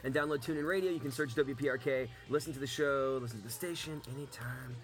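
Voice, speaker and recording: A man hosting a radio show, bantering in a fast, playful and campy way with his co-hosts in the studio. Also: medium pitch, fairly bright tone.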